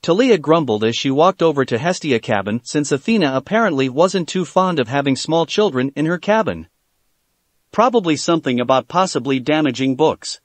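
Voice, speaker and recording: A man narrating fan fiction aloud in a steady reading voice with occasional stumbles. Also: on the high side, brisk, dry recording.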